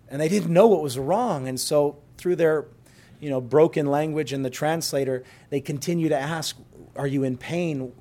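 Male pastor, mid-pitched, earnest sermon delivery and prayer. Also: a little mellow. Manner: earnest storytelling, then prayerful.

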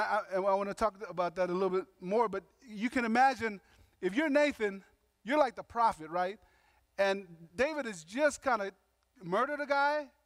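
Guy preaching a sermon, pretty high voice, chatty and punchy, slangy asides, dry close mic. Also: fairly bright tone, dry recording. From Samoan heritage. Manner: conversational, emphatic preaching with slangy asides and acted quotes. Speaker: pastor.

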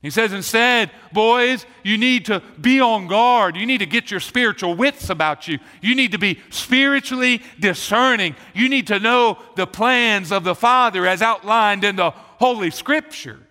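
High, bright-voiced preaching man. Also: moderate pace, hardly any pauses. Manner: emphatic preaching, repeating key phrases. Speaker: pastor. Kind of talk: sermon. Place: church sanctuary. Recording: long reverb of a church hall.

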